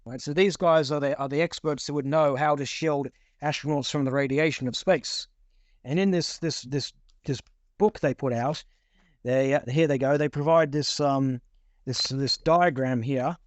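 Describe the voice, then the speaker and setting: Rambling man with a slightly high voice, casual talk, dry sound. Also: moderate pace, no room sound. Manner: rambling, repeats words, reads out quotes. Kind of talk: casual discussion.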